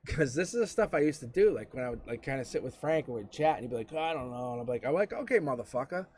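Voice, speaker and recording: A man's voice: mid-range voice, rapid-fire, slight background noise. Blunt, profane tarot reader man. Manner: blunt, profane, animated storytelling. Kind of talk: live-stream tarot reading.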